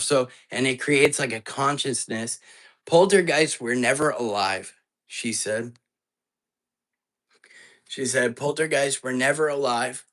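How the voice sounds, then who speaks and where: A man of middle pitch tells a story in an easy, chatty way on a live ghost-hunting stream. He sounds earnest and uneasy as he recounts a long phone call. He rambles, often breaking off and starting his sentences again. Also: fairly bright tone. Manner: earnest and anxious, rambling with restarts.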